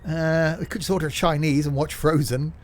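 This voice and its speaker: Male game streamer, fairly high, chatty and easily exasperated. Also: steady tone. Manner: chatty, self-mocking, quick to exasperation. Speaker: streamer playing a train simulator. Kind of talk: casual gameplay commentary.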